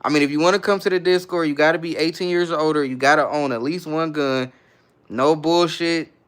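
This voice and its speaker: A man's voice: fairly high pitch, fairly even intonation, brisk, fairly bright tone, clean tone. Laid-back man reading his chat aloud. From San Francisco Bay Area, California. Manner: laid-back, slangy, reads each comment then answers it. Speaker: livestream host. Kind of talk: casual live-stream chat, reading viewer comments aloud.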